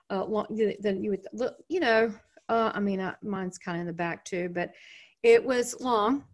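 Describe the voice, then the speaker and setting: A woman's voice: mid-range voice, fairly bright tone. A middle-aged woman with a Southern US accent, hosting her own channel and telling a personal story in a chatty, rambling way full of fillers and asides. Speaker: channel host. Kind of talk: casual storytelling to viewers.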